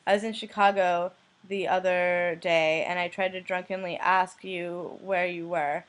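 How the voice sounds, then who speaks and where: A young woman from the United States, a blogger who reads anonymous messages aloud in a flat, deadpan way. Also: lowish voice, measured pace. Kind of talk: reading messages aloud to camera.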